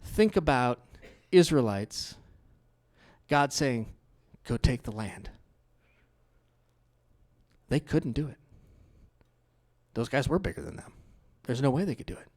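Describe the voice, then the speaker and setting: A man's voice: medium pitch, measured pace, long pauses. A middle-aged male pastor preaching a sermon in a conversational, playful way. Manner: conversational, lively and playful with the congregation.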